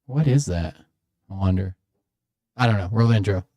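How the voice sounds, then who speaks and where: A man's voice: on the low side, normal speed, dark tone, dry recording. A man hosting a casual live stream, muttering to himself as he troubleshoots his microphone. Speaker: stream host. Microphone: studio mic through a podcast mixer.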